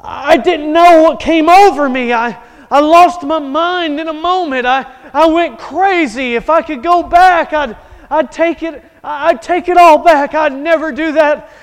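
A man's voice: very high voice, unhurried, pitched above the performer's own voice. A man voicing a weeping, remorseful male killer who pleads and stammers in desperation. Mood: frantic pleading. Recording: echoey hall.

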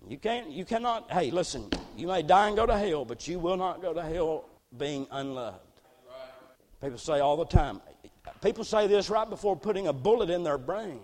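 Fervent preacher in a reverberant church. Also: male voice, on the high side, expressive, moderate pace. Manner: builds from quiet reflection to shouted fervor. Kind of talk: sermon.

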